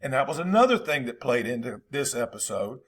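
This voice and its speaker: A man's voice: mid-range voice, very animated, brisk. A man with a Southern accent, a football coach hosting his channel, talking casually and in a folksy, rambling way to his viewers.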